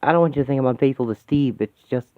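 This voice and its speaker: A man's voice: medium pitch, fast, no room sound, natural voice. A man voicing a brash, grieving middle-aged woman in a fan radio-play comic, with a blunt, folksy way of talking that slips into swearing. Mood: flustered. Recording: tinny, dry, phone-like sound.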